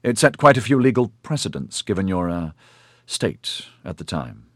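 Man doing a formal male official, measured, polite, hesitant fillers, deep voice. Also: big pitch swings, fairly bright tone, no echo, clean studio sound, full character voice. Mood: explaining.

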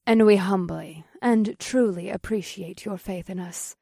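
A woman voicing a proud, elegant woman elf witch who speaks firmly, with a husky voice. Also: mid-range voice, a little slow, dark tone, no room sound, studio quality. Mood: dutiful. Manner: elegant and firm.

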